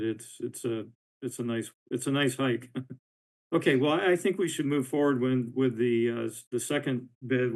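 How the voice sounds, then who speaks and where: A man's voice: medium pitch, a little mellow, rough recording. A man on a board, asking questions casually and stumbling over words. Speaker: board member. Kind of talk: meeting discussion.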